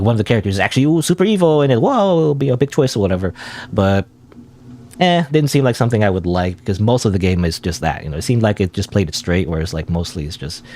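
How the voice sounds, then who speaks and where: A man's voice: fairly low pitch, a little mellow, slight background noise. A young adult man giving chatty, rambling let's play commentary with lots of fillers. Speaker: gamer.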